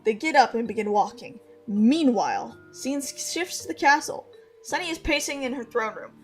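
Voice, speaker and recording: A woman reads her own fantasy novel aloud in a high, very lively voice. She narrates casually, with quick asides, over faint background music. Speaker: author reading her old novel. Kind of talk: livestream story reading.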